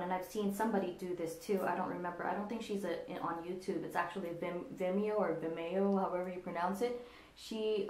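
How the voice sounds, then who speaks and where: A woman talking through a casual makeup tutorial, explaining each step as she demonstrates it on herself at her desk. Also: mid-range voice. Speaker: makeup vlogger. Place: indoors at a desk with a monitor. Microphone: computer camera in front of her. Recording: echoey room.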